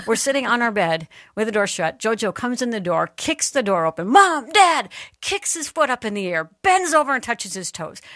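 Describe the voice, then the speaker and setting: A middle-aged woman hosts a faith talk show and tells a story with lots of energy and expression. Her voice sits at a medium pitch and sounds close and dry, with no room echo. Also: sharp tone. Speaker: host.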